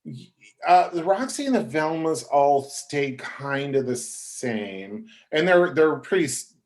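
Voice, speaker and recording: A man, a guest on a podcast, telling casual, animated anecdotes and quoting other people. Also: a little high, takes it slowly, a little hiss or hum. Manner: chatty, animated anecdotes with quoted voices.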